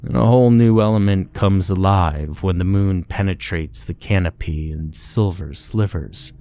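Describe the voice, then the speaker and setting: A man narrating a war horror story in a grim, measured, scripted way. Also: sits low, dark tone.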